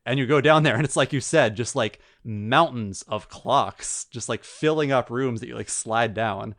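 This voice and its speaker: A man co-hosting a gaming podcast, recounting a video game story in a rambling, animated way. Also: medium pitch, moderate pace, no echo, clean studio sound. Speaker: podcast co-host. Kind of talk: casual chat.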